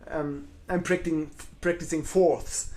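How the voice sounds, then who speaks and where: Man, middle-aged, cellist, live Q&A, slightly high voice, candid, self-mocking. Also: fairly even intonation, a little slow, a little mellow. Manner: candid, self-deprecating, blunt. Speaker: cellist answering viewer questions. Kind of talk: live online Q&A.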